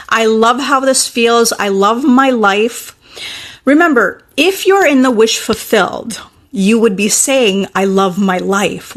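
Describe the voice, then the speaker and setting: A woman's voice: a little high, a bit bright. A young adult woman coach talking casually and encouragingly, often checking in with "okay?". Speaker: manifesting coach. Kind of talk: casual teaching talk.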